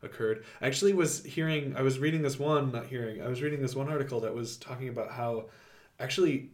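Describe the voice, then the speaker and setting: A man's voice: mid-range voice, quick pace. Rambling man on a chatty podcast. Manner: rambling, many fillers and restarts. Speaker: podcast co-host. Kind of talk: casual chat.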